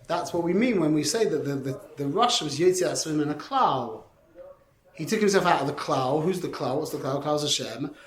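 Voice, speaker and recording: Animated man teaching in an echoey room. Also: fairly high pitch. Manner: animated, many restarts and rhetorical questions. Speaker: Torah teacher. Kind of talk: informal Torah class.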